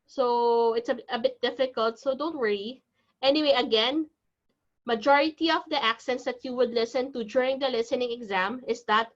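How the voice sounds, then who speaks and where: A woman's voice: a little high, fairly bright tone. A woman teaching an online exam-prep class, explaining step by step in a chatty, reassuring way. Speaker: IELTS teacher. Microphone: video call. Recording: dull video-call audio.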